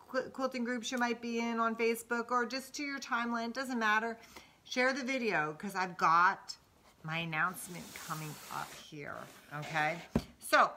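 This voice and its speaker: A middle-aged woman hosts a live-stream chat about her fabric from her home sewing room. Her voice is bright and clear, and she talks eagerly and directly to the people watching. She is recorded on a camera in the room as she speaks. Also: mid-range voice. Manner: chatty and enthusiastic, addressing viewers directly. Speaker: quilter and channel host.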